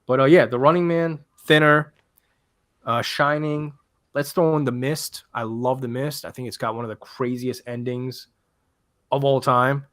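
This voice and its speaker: A man's voice: mid-range voice, fairly even intonation, measured pace, a bit bright, dry recording, studio quality. A man co-hosting a casual podcast, enthusiastic and laid-back, with easy slang. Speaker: podcast co-host.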